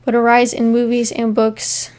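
A woman's voice: on the high side, monotone, moderate pace, a little mellow. A woman co-hosting a casual podcast, reading case notes with asides and frequent ums. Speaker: podcast co-host. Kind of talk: casual true-crime podcast chat.

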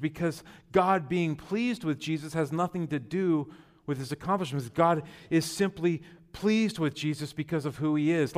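Guy preaching a sermon, kinda high voice, chatty with lots of "like" and "you know", gets loud then goes real quiet. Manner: storytelling with sudden loud bursts and quiet, intimate drops; conversational with fillers like "like" and "you know". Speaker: pastor.

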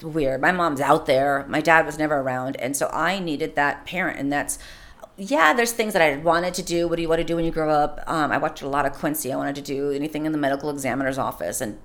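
A mother in her forties talking openly and warmly about raising her children, in a casual podcast conversation. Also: low-pitched. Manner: open, heartfelt storytelling, quick to laugh. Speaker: podcast guest. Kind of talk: casual chat.

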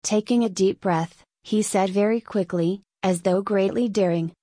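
A woman narrating a story as an audiobook in a measured storytelling way. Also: medium pitch, dark tone, no room sound.

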